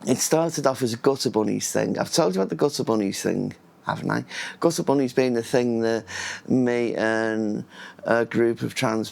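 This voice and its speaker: A man's voice: lowish voice, a little mellow. A man vlogging in a casual, rambling monologue, often losing his thread and restarting words. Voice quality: gravelly and husky.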